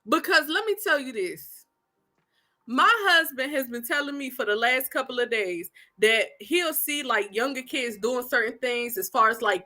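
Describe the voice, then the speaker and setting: Sassy woman with a bright voice. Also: sits high. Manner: animated, sassy, talks straight to the audience. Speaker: online commentator. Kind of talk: casual commentary to viewers.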